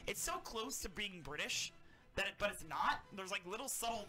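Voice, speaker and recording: Brief: lively woman podcaster, swears a lot, pitch swings widely, music underneath. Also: moderate pace. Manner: profane, animated, swears freely. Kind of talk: casual podcast chat.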